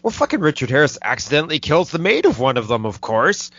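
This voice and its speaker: A man hosting a casual movie review podcast, swearing a lot and rambling excitedly. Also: a little high, fast, few pauses, no echo. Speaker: film podcast host. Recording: dull lo-fi dry recording.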